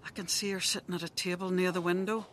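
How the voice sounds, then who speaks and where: A woman narrating a scripted dramatic monologue in a confiding, lively storyteller manner. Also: fairly low pitch, fast talker, slight background noise.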